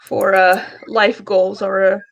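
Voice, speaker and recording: A woman's voice: mid-range voice, flat delivery, takes it slowly, creaky. A woman playing her character in a tabletop game, polite and hesitant, stumbling over words. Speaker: player.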